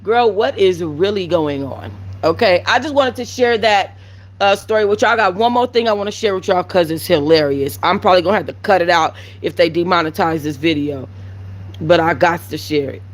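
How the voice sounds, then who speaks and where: A woman's voice: on the low side, fairly quick. A woman hosting a casual commentary show, blunt and sassy as she talks to her viewers. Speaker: commentary channel host.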